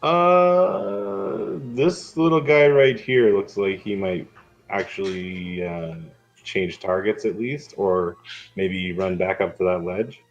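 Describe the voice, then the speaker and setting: A man narrating and running combat as the game master of a tabletop game, casual and quick with rules calls. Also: lowish voice, fairly even intonation, gravelly, lo-fi sound, soft background music.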